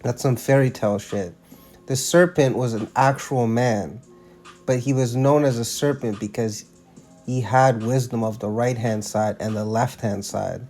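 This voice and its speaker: A man's voice: medium pitch, fairly even intonation, unhurried, darkish tone, faint music behind. A man giving casual religious commentary, emphatic and slangy, often restarting his sentences.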